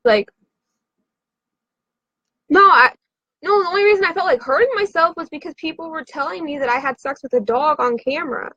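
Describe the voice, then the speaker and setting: High-voiced, rambling, foul-mouthed woman. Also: normal speed, pauses often, bright, forceful tone, no room sound, dull audio. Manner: profane, rambling, frantic storytelling. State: drinking. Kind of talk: rambling confessional chat.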